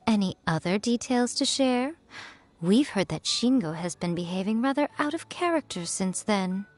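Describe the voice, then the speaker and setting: A woman's voice: medium pitch, lively intonation, measured pace, faint music behind. A woman voicing a sly, elegant shrine priestess in a video game, speaking with amused teasing. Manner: smooth, teasing, languid.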